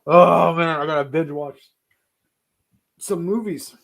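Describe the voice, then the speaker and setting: A man's voice: fairly high pitch, slow, vocal fry. A man co-hosting a casual film chat, joking and swearing freely. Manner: animated, profane, joking. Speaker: podcast co-host.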